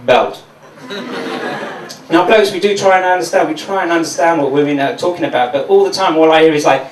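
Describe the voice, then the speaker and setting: A stand-up comedian from Mauritius, doing a sardonic, profane routine at a comedy venue. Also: male voice, fairly high pitch, brisk, a little hiss or hum. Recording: echoey room from a distance.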